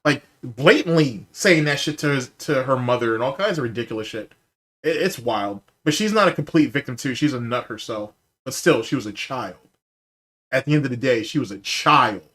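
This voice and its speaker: A male podcast host talking in loose, casual chat, swearing freely as he reacts to viewer comments. His voice sits at an ordinary middle pitch. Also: lively intonation, moderate pace, fairly bright tone. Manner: profane, loose and chatty, bursts into laughter.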